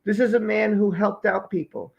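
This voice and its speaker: Male streamer commenting live; high, gravelly voice that hammers points by repetition; muffled lo-fi audio. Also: steady tone, normal speed. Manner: emphatic, repeats key phrases.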